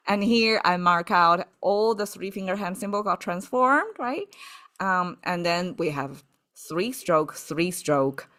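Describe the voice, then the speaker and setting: A woman explains characters in an unhurried, thinking-aloud lesson. Her pitch sits a little low but moves a lot, and she keeps checking in with her listeners. She takes her time over each point. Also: lively intonation, a bit bright. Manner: thinks aloud, frequent "okay" and "right" checks, laughs at own theories. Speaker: Chinese vocabulary teacher.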